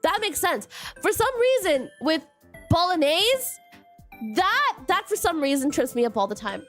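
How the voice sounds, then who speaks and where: A high, lively woman's voice on a casual live stream, giggling and laughing at herself as she trips over tricky words. Her pitch swoops up and down all the time, and faint music plays behind her. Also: a little slow. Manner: giggly, self-deprecating, stumbles over words.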